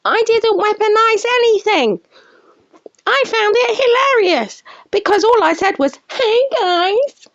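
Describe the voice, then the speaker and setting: Whiny shrieking man as a woman mocks him, shrill and very high, dull lo-fi sound. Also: lively intonation, takes it slowly, no room sound, exaggerated voice. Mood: shrill mocking. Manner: shrill mocking imitation.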